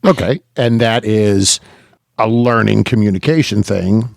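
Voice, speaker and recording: A man's voice: on the low side, a little slow, gravelly, no room sound, clean studio sound. A man co-hosting a podcast in casual chat, laid-back, often stumbling and restarting, with lots of "yeah". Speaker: podcast co-host.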